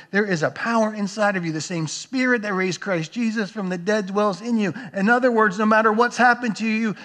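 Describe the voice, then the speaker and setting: A male pastor delivers a sermon in a high voice. He speaks earnestly and with emphasis, repeating words and phrases to drive his points home. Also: a bit bright.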